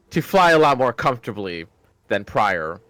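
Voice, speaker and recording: A man's voice: mid-range voice, very animated, unhurried, fairly bright tone, dry recording. A man narrating as dungeon master in a casual tabletop game, swearing freely and laughing often between lines.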